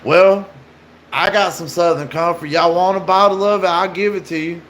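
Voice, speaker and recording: A man voicing a soft-spoken stranger who keeps coaxing teenagers into his camper. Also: high-pitched, steady tone, moderate pace, a little hiss or hum, voice pushed up, poor audio. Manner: wheedling, persistent.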